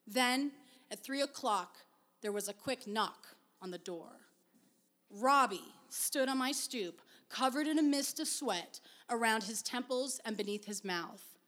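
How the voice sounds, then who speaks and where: A woman reading a first-person story aloud in a measured, expressive way. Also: on the high side. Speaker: reader.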